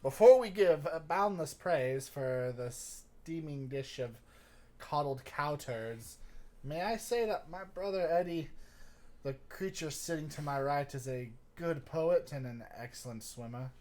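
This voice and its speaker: A man's voice: fairly high pitch, animated, unhurried, a little mellow. A man voicing a sneering, foul-mouthed young male cousin in a hammy, mock-pompous put-on British accent, during a comedic cold script reading. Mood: snide.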